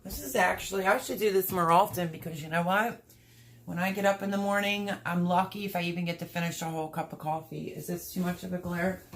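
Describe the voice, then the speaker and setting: A woman's voice: on the low side, slight background noise. A middle-aged woman, chatting candidly and emotionally to viewers on a livestream from home. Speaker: livestream host. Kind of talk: casual livestream chat. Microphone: livestream camera mic.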